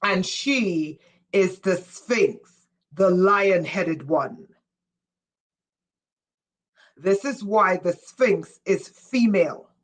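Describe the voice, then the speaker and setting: A woman giving a live-streamed spiritual lecture, speaking emphatically, repeating key lines slowly for effect, and asking her viewers questions as she goes. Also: lowish voice, animated, low-quality recording. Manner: asks listeners questions. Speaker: spiritual teacher.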